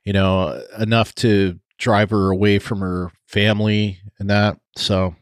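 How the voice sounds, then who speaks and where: A man's voice: on the low side, level tone, measured pace, no echo, clean studio sound. A man co-hosting a podcast, chatting casually, laughing often and trailing off with fillers. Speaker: podcast co-host.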